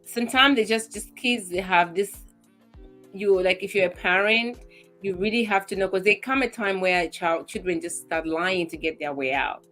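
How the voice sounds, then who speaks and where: A woman's voice: medium pitch, moderate pace, fairly bright tone, faint music behind. A mother on a talk show panel chatting about her children, playing out their requests in little voices. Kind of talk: casual chat.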